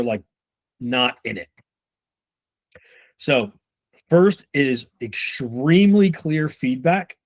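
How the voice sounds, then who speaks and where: A man giving casual sales-management coaching, talking loosely and with profanity while acting out quick snippets of conversation. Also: medium pitch. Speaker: sales trainer.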